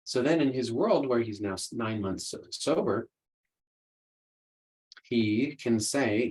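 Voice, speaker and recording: A man's voice: medium pitch, takes it slowly, pauses often, a little mellow, low-quality recording. A man hosting a solo podcast, explaining ideas in an earnest, conversational way. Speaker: podcast host, coach.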